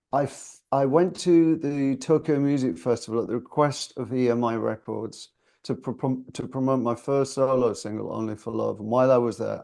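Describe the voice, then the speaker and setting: A man in his sixties from the UK, chatting as an interview guest in a loose, storytelling way. His voice is warm and dark, with a gravelly fry running through it. He comes across as reflective and gently self-deprecating. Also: mid-range voice. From United Kingdom. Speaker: singer and guest.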